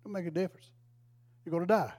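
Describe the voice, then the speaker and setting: A man's voice: high-pitched, fairly even intonation, quick pace, a little mellow. An older man, a retired pastor, telling a folksy, emotional story in a sermon. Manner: folksy, emotional, exclaims praise.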